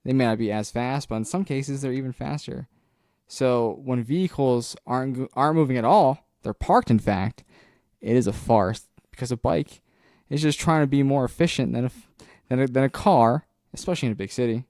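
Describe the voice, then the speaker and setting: A man's voice: medium pitch, brisk, a little mellow, no echo, studio quality. A man hosting a podcast, making an earnest, opinionated point in casual chat. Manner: earnest, opinionated, restarts mid-sentence. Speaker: podcast host.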